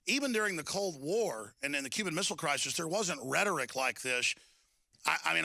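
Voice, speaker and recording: A man's voice: a little high, gravelly, sharp tone, no room sound. A man hosting a political talk show, speaking in an emphatic, indignant way with many fillers and restarts.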